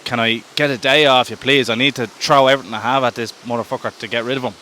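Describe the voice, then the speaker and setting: A man's voice: mid-range voice, steady tone, fast, sharp tone, slight background noise, lightly acted. A man with an Irish accent voicing the month of March as a hot-tempered, vengeful male figure. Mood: indignant. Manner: pleading yet hot-tempered.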